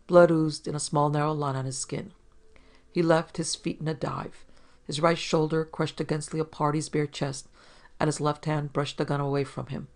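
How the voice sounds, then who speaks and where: A man narrating a hard-boiled detective story in a steady, measured reading. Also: on the high side.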